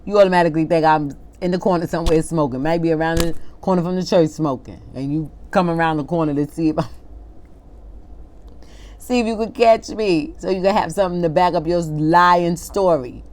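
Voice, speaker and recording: A woman with a low voice preaches an informal sermon. She lingers over each word when she reads scripture, then turns impassioned and pointed, arguing with the people she is preaching to. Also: darkish tone. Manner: impassioned, talks back to an imagined congregation, laughs at herself; reads scripture slowly and deliberately.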